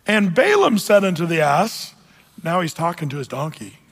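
A man's voice: a little high, very animated, normal speed, creaky, fairly bright tone, slightly rough, in a large hall. A man preaching a sermon, retelling scripture with jokey asides and acted voices.

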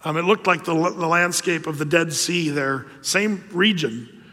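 A man with a noticeably high voice delivers a sermon, retelling scripture with animated, storytelling energy. His voice carries through a large hall with a long reverberant tail. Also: unhurried. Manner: animated storytelling, acting out biblical figures. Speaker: pastor.

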